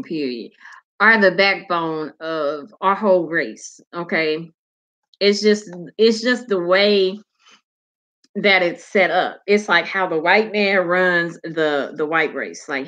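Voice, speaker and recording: A woman, hosting a show and chatting casually, animated and swearing freely. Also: on the low side, muffled recording. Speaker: podcast host. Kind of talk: casual chat.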